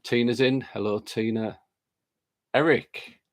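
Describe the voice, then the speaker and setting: Slow and steady in tone, this mid-range male voice belongs to a live stream host with a lingering chest cold. He reads comments out loud and greets viewers by name in a casual chat.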